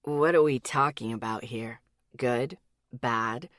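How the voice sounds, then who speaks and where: A woman voicing a protective young man who speaks quietly and with concern, in an audiobook. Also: a bass voice, slow pace, no echo, clean studio sound, pitched below the performer's own voice. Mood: curious. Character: worried protective young man, low-voiced.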